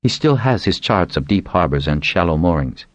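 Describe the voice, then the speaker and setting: A man voicing a commanding, sharp-witted woman who leads dragonriders in an audiobook, speaking firmly and persuasively. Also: low voice, very animated, moderate pace, no room sound, highs cut off. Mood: resolute.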